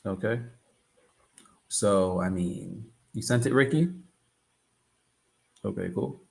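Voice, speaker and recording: A man hosts a live trading session in a loose, chatty way and keeps circling back to repeat himself. His voice sits low and has a gravelly, fry-laden texture. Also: slow. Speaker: trading livestream host. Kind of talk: casual live-stream chat.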